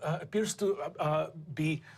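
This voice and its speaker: A man voicing a scholarly figure who explains things in a measured, hesitant way. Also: on the high side. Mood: explaining.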